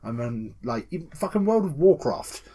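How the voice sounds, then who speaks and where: A man co-hosting a casual gaming podcast, excitable and swearing freely, acting out scenes with yelps and laughter. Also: on the high side, moderate pace, slightly rough. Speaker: podcast co-host.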